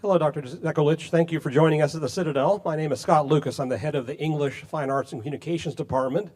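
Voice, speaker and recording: A man's voice: a little high, fast talker, darkish tone. A middle-aged man, a department head, politely opening an interview in a lecture room.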